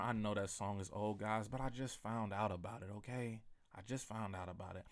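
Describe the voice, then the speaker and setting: A man hosting his own podcast in a casual solo rant, profane and rambling, swinging from loud outbursts to mumbled asides. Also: medium pitch. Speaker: podcast host.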